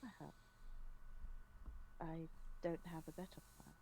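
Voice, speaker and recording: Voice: medium pitch, little pitch movement, a little slow, warm tone, rough recording. A player in a tabletop game who talks hesitantly, working out a plan aloud. A faint hum of room ambience sits behind the voice.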